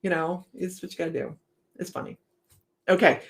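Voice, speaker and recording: A woman's voice: fairly low pitch, flat delivery, moderate pace. A woman with a Southern American accent hosting a livestream, chatting casually, laughing often and reading viewer comments aloud. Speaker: psychic livestream host.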